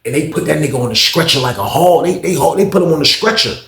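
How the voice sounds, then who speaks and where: Animated cursing storyteller, man, slightly high voice, echoey room. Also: fast talker, creaky. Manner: animated, profane, repeats lines for effect. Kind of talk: casual storytelling to camera.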